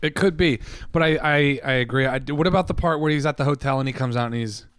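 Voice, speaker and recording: A man co-hosting a podcast, chatting casually about a film and retelling scenes in quick bursts with plenty of swearing. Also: mid-range voice, fairly bright tone, smooth, dry recording. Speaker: podcast co-host. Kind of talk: casual film review chat.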